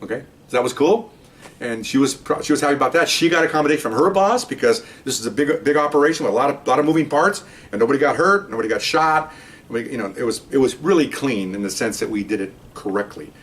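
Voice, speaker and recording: A man's voice: mid-range voice, fast, distant mic. An older man, a retired police officer, casually telling a story to camera and acting out the voices of the people in it. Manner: animated, acts out voices in quotes.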